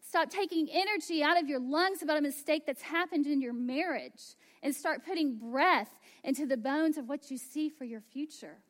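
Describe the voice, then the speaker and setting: A woman pastor in her thirties preaching a sermon, slow and emphatic, dropping to hushed asides. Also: high-pitched.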